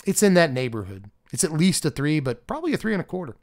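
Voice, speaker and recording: A man's voice: on the high side, very animated, fast. Chatty man with a raised voice. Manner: chatty and self-deprecating, laughs often, reads card text aloud then gives ratings. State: strained voice. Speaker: card game channel host reviewing a set. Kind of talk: casual solo review talk.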